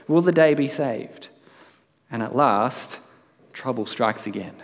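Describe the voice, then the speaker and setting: A man preaching a sermon in a conversational way, now and then reading aloud with dramatic emphasis. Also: fairly high pitch. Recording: long hall reverb.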